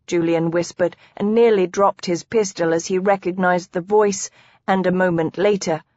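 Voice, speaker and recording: A woman reading an audiobook as narrator, in an even, measured way. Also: lowish voice, no echo, dull audio. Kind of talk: scripted narration.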